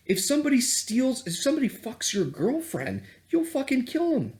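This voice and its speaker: A man's voice: very high voice, big pitch swings, moderate pace, few pauses, a little mellow. A man on a vlog, ranting heatedly and sarcastically, with plenty of swearing. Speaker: self-help vlogger and coach. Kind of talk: unscripted profane political rant.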